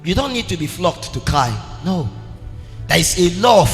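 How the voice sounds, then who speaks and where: Male preacher, high bright voice, fervent sing-song delivery, reverberant hall. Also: big pitch swings, a little slow. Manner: impassioned, swings between shouting and sing-song. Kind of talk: sermon. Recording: long hall reverb with faint music.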